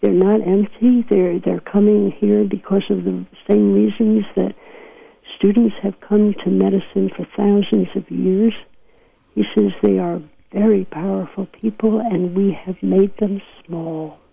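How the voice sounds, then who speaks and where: An older woman with a New York accent speaks in a gravelly, husky voice, earnest and reflective as she tells stories. Her voice comes down a tinny phone line with no room sound at all. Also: mid-range voice, fairly even intonation, a little slow, dry recording. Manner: earnest storyteller, often laughs. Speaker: physician guest. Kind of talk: reflective interview talk.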